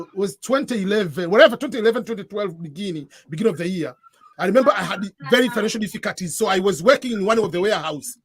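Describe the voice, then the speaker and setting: This East African man's voice sits high and slightly rough. A Swahili speaker with an East African accent, he offers newcomers earnest advice as a guest in a casual conversation, frequently repeating himself and restarting phrases.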